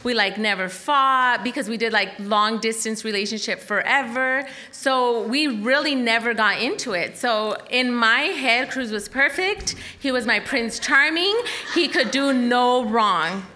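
A young adult woman telling a story in casual talk, animated and laughing, with many "like"s and "okay?"s. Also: fairly high pitch, unhurried, few pauses.

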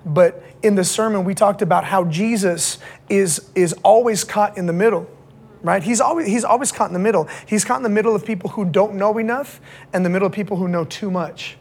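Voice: medium pitch, a little fast, slightly rough. A pastor preaching to young people in a casual, slangy way, checking in with the audience again and again.

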